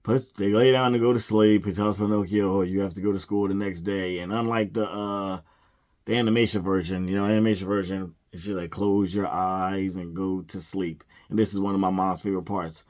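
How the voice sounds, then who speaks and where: A man ranting casually about a movie, exasperated and sighing, often mumbling quick impressions of the characters. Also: deep voice, steady tone, a little mellow. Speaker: movie reviewer.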